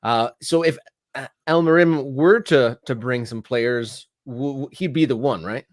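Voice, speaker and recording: A man's voice: mid-range voice, no room sound. Easygoing soccer cohost guy, lots of uh and you know, dry close mic. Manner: halting, filler-heavy, easygoing. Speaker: soccer show co-host. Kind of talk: casual sports talk.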